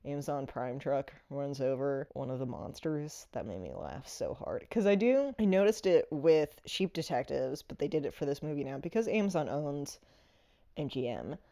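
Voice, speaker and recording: A woman talks through a movie review in a loose, rambling way, full of fillers and frequent laughter. Her voice sits fairly low and sounds mellow and warm. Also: big pitch swings, moderate pace. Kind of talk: casual spoken review.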